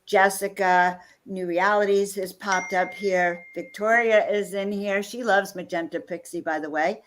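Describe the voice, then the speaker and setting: A woman's voice: mid-range voice, fairly even intonation, a little slow, slight background noise. A woman co-hosting a live stream, introducing guests and greeting viewers with enthusiasm. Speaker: co-host.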